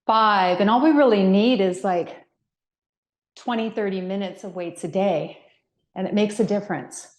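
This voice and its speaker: A woman's voice: medium pitch, moderate pace. A middle-aged woman leading a guided workout class, counting reps and giving step-by-step movement cues. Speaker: fitness instructor. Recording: echoey room.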